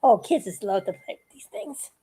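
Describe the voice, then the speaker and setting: A woman's voice: mid-range voice, animated, moderate pace, mellow, slightly rough. An older woman chatting in a casual, folksy how-to vlog, giggling often and rambling a bit between steps. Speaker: craft video maker.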